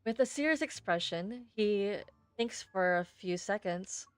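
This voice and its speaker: A woman's voice: mid-range voice, expressive, unhurried, smooth, no room sound. A young woman streamer reading a story game aloud with chatty, self-deprecating asides.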